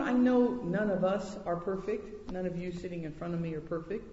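A woman's voice: fairly low pitch, fairly quick, few pauses, dark tone, reverberant, in a large hall, highs cut off. A woman teaching a Bible study class for women, speaking earnestly and directly to the group.

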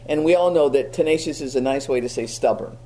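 A woman's voice: extremely low pitch, quick pace, mellow, slight background noise. A woman preaching a sermon in a conversational way, with frequent restarts and repeated words. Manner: many restarts, stammering repeats.

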